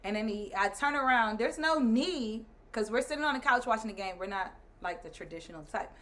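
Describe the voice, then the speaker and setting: With a fairly high pitch and a brisk delivery, the host's wife, in her thirties, tells a story as a guest. She's animated and laughing, acting out other people's words in casual chat.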